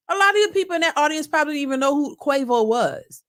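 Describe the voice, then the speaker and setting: A woman's voice: high voice, lively intonation, quick pace, fairly bright tone. A woman hosting a reaction channel, giving earnest casual commentary with many restarts and fillers.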